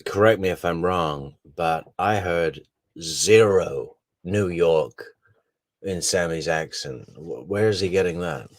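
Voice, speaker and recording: A man's voice: low-pitched, slow, no echo. A man giving true crime commentary over played recordings, with dry, mocking asides.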